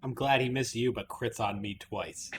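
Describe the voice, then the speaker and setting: A man playing a tabletop game over a video call, wry and quick to laugh. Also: medium pitch. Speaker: player. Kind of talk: casual chat at a tabletop game.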